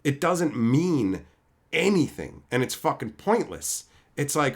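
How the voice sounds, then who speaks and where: A man's voice: mid-range voice, sing-song, slow pace. A young man streaming live, ranting to his chat in a profane, scornful way, often mocking others in put-on voices.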